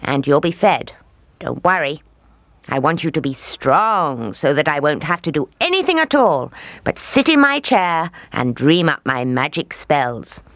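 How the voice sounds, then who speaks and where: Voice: mid-range voice, very animated, measured pace, fairly bright tone, no echo. A storyteller voicing a bossy, scheming old witch who snaps and scolds. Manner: snapping, snarling, scolding.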